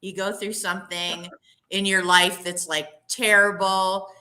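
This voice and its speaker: A woman's voice: medium pitch, flat delivery, a little slow, sharp tone. A woman guest in a casual talk show, playful and upbeat. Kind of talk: casual chat.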